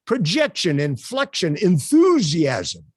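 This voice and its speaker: A man's voice: high voice, slow pace, slightly rough, dry recording, clean studio sound. A man leading an online workshop as its instructor, talking emphatically with many "uh" fillers. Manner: animated, emphatic, with frequent uh fillers. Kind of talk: live online workshop teaching.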